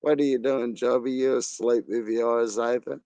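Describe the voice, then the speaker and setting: A man's voice: medium pitch, steady tone, moderate pace, dark tone. A man with an Australian accent hosting a casual live chat, crude and rambling, laughing often. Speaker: live stream host.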